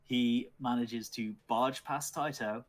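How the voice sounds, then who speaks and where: A man acting as dungeon master, calmly narrating dice rolls and the action of a tabletop game. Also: mid-range voice, slow.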